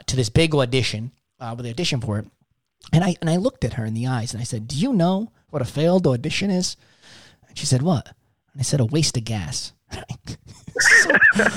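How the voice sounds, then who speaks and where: A man telling a story in casual chat, swearing often and animated. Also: on the high side, dry recording, clean studio sound. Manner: profane, animated storytelling with frequent cursing. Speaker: podcast guest telling a story.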